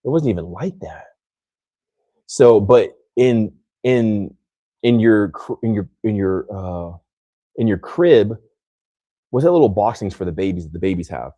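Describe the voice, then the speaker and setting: Speaking slowly and pausing often, this young podcast host from the US rambles casually and leans heavily on "like." He has a lowish, expressive, warm voice, recorded with no room sound.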